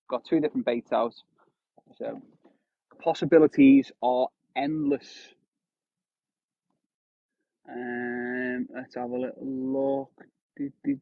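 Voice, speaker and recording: A man's voice: medium pitch, no room sound. Guy fishing on a windy beach, chatting to his live viewers, sounds like a phone line. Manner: chatty, answers viewer comments while fishing. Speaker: fishing livestreamer. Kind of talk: casual live-stream chat. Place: outdoors on a windy shore. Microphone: phone live stream. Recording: dry tinny phone audio.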